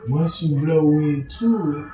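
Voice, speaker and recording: A man's voice: on the high side, takes it slowly, warm tone, slight background noise. A man in a casual, profane, rambling rant as a streamer, keeps asking if you know what he's talking about. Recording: roomy, off-mic sound.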